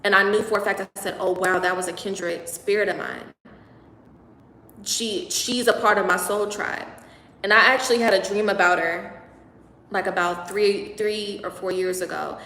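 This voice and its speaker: A woman's voice: medium pitch, fairly even intonation, normal speed, bright, forceful tone, slight background noise. Echoey young woman chatting on a livestream. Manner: chatty, reads and answers live comments. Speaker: livestream host. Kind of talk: casual livestream chat with viewers. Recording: echoey room with long reverb.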